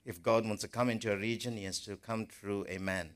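A man's voice: lowish voice, fairly even intonation, a little fast. A man preaching a sermon to his congregation, earnest and emphatic, often repeating words as he builds a point.

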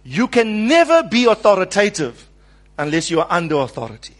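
A man preaches a sermon with a somewhat high voice that swings widely. He leans hard on key words and calls on the congregation to say words back to him. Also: sing-song, fairly quick, a bit bright. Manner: stresses words and acts out quoted speech.

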